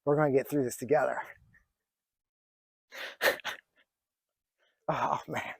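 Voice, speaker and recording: A man's voice: mid-range voice, fairly even intonation, takes it slowly, gravelly, slightly rough, dry recording. A man in his forties telling a personal story in a vlog, earnest and reflective, with many fillers and restarts, close to tears at times. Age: 40s. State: emotional, near tears at times. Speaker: vlogger.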